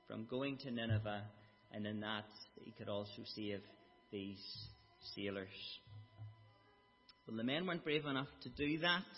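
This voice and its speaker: A man delivers a sermon at an unhurried, deliberate pace, voicing the quoted speech with drama. His voice sits at an ordinary pitch. The recording is dull and carries a long hall reverb. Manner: slow, emphatic Bible exposition with dramatic quoted speech. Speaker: preacher.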